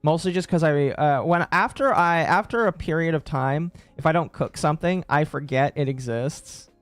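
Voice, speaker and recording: Man, late 20s, streamer, rambling casual chat, fairly high voice, faint background music. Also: normal speed, dry recording. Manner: rambling, self-correcting, chuckling.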